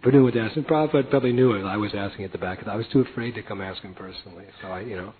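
An older man telling a personal story, animated and often laughing as he acts out voices and chanting. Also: on the low side, rapid-fire, slightly rough. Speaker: devotee recounting a personal story. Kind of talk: anecdotal storytelling talk. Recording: tinny phone-like lo-fi audio.

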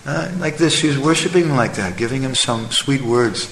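Preacher in an echoey hall. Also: male voice, mid-range voice, animated, moderate pace, gravelly, fairly bright tone, slight background noise. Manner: conversational, checks in with the audience using "huh?". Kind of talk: sermon with storytelling. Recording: echoey hall, faint ambience.

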